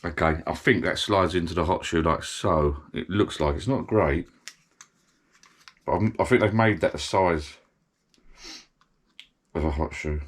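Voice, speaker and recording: A man's voice: sits low, a little slow, pauses often. A middle-aged British man chatting casually while he unboxes a gadget, rambling and thinking aloud as he goes. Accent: British English.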